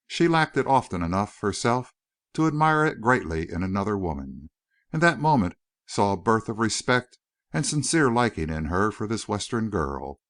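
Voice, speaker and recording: Lively low-voiced male audiobook narrator. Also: no echo, clean studio sound. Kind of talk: scripted narration.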